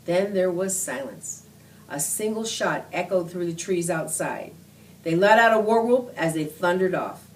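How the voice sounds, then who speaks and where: A woman's voice: on the low side, lively intonation, measured pace. Earnest woman reading a story aloud. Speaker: reader. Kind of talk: reading a children's book aloud.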